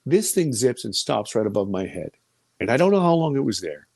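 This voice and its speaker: A man in his fifties telling a personal story as an interview guest, animated and swinging between loud exclamations and hushed near-whispers. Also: lowish voice, dry recording. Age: 50s.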